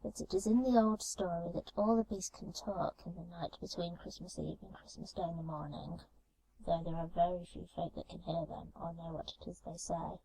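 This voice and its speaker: A woman reading a storybook tale calmly and gently, in a soft ASMR story reading recorded binaurally. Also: lowish voice, normal speed, gravelly, slightly rough, low-quality recording. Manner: calm, gentle. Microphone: binaural microphone.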